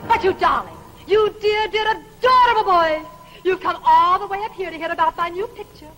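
A woman's voice: very high-pitched, lively intonation, normal speed, fairly bright tone, soft background music, rough recording. An actress playing a theatrical female movie star diva, talking in a grandiose, breathless, melodramatic gush in the style of 1940s film musicals.

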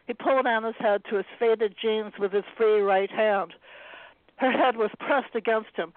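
A woman author reading a passage from her own novel aloud in a steady, even way. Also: on the high side, normal speed, no echo. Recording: dry tinny phone-like line.

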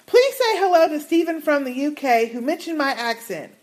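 A woman co-hosting a casual podcast reads listener emails aloud, adding her own comments, asides, and laughs. Her voice sits high with big pitch swings at a moderate pace.

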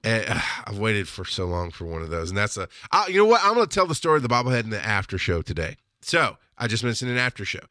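Bright-voiced rambling podcast host man. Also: lowish voice, sing-song, quick pace, few pauses, dry recording, clean studio sound. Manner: rambling storyteller who acts out quoted voices. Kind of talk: casual solo podcast monologue.

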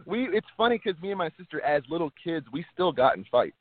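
A man's voice: on the high side, very animated, fast talker, no room sound. A man, an actor being interviewed, talking earnestly and casually, often repeating words as he restarts. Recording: tinny phone-like line, dry.

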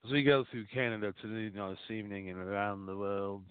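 A man's voice: on the low side, fast talker, smooth, dry recording. A man hosting a radio show, delivering a crude, rambling comic monologue. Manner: rambling, vulgar, mock-boastful. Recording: tinny phone-line sound, dry.

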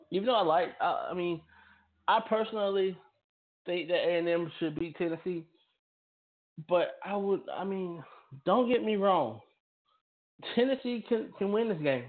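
A man hosting a football talk radio show, speaking emphatically and often repeating and restarting his phrases. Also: a little high. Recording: tinny phone-line audio.

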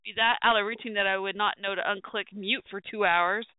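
A woman's voice: medium pitch, fairly even intonation, brisk, dry recording. A woman hosting a call-in talk show, flustered and laughing in embarrassment. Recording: tinny phone-line sound.

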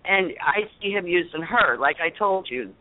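A woman's voice: on the low side, lively intonation, normal speed, no echo. A woman hosting a radio show, rambling candidly as she tells a personal story. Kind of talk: emotional casual talk radio chat. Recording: tinny phone line.

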